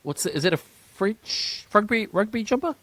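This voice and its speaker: Animated, hyped New man host. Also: high voice, moderate pace, no echo. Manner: hyped, keeps saying "talk to me". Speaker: podcast co-host. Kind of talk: casual sports chat.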